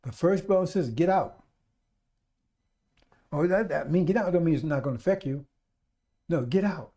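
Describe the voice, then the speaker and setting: Urgent, mellow-voiced male radio preacher. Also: a little high, expressive, normal speed. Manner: urgent, repetitive exhortation; addresses listeners as brothers and sisters. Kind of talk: sermon on a live radio stream.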